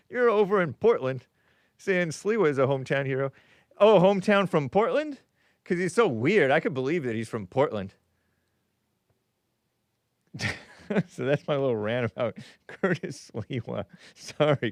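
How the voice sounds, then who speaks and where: The speaker is a podcast host, a man whose medium-pitched voice is unhurried and full of frequent pauses. Hosting a call-in talk show, he reads super chats in a casual monologue, rambling with animation and constant self-interruptions and restarts. The recording is dry and studio quality.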